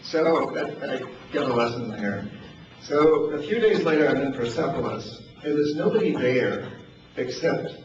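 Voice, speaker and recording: An older man from New Hampshire spins personal anecdotes, chuckling and stumbling over repeated words as he talks. His voice sits at an ordinary pitch but comes from well off the mic. It is caught in a very echoey space with a dull, lo-fi sound and a clear hiss of noise underneath. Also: distant mic. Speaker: speaker telling stories. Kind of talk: storytelling talk.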